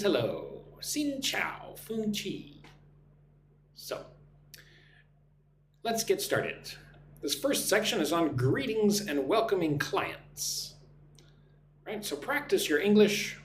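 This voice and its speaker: Speaking slowly with long pauses, this American live-stream English teacher has a high, sing-song voice. He welcomes viewers by name and has them repeat drilled phrases, recorded in an echoey room with a faint hum.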